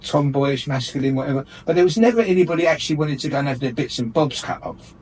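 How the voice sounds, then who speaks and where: A man's voice: a little high, quick pace, darkish tone, far from the mic, a little hiss or hum, poor audio. A man ranting with indignation in a light-hearted radio chat, laughing often. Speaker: radio show regular airing his gripes.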